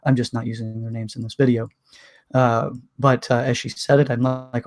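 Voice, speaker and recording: A man candidly recounting a painful personal story in a vlog, emotional, with many restarts and pauses. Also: medium pitch, flat delivery. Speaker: vlogger.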